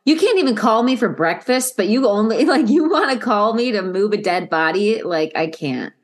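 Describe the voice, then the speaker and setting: A woman's voice: medium pitch, animated, normal speed. A woman guesting on a podcast, chatting bluntly and casually, with some swearing. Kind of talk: casual chat.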